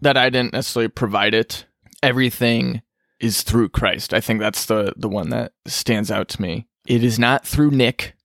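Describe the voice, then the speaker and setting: A man co-hosting a podcast, relaxed and self-deprecating, with quick jokes. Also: medium pitch, no room sound, studio quality. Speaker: podcast co-host. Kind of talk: casual faith discussion.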